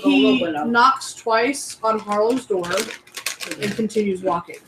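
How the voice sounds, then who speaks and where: A woman's voice: on the high side, takes it slowly, echoey room, crowd noise, low-quality recording. Profane, rambling woman game master. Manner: loose, profane, many fillers. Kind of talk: narrating a tabletop game with friends.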